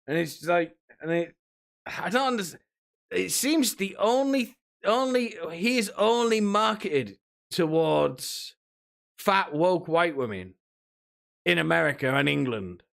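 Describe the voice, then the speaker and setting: A man's voice: high voice, expressive, slow, vocal fry, a bit bright. A man streaming, rambling and mocking in a casual rant, often laughing between remarks. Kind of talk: casual ranting commentary.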